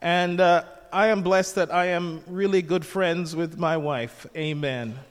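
A man's voice: fairly high pitch, fairly even intonation, measured pace, long reverb tail. An older man preaching a sermon as pastor, jovial and conversational, asking the congregation questions.

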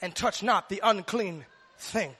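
A man's voice: sits high, unhurried, pushed and bright. A man preaching a sermon with fervent, repetitive preaching cadence.

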